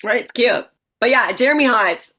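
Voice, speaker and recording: A woman's voice: fairly high pitch, expressive, moderate pace, sharp tone. A woman in her forties, a stand-up comedian, chatting casually as an interview guest, laughing often and swearing freely. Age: 40s.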